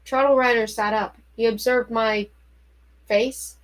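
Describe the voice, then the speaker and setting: Expressive woman reading aloud. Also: a little high, a little slow, rough recording. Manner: expressive reading with startled, anxious turns. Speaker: reader. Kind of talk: audiobook reading of a novel.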